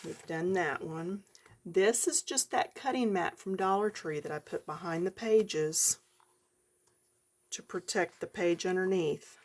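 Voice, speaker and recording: A woman's voice: on the low side, unhurried. A woman giving a chatty coloring lesson, talking directly to her viewers. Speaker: coloring tutorial host.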